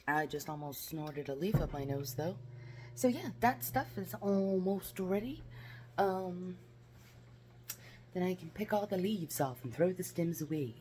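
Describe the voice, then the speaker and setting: A woman's voice: low-pitched, darkish tone, a little hiss or hum. A woman chatting casually in a home vlog, rambling with lots of fillers and asides. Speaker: vlogger. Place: home kitchen.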